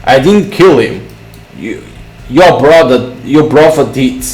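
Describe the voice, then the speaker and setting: A man's voice: mid-range voice, expressive, slow, a little mellow, reverberant, rough recording. A man reading a sneering crude thug. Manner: swearing, taunting, threatening. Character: menacing adult male thug, crude and sneering.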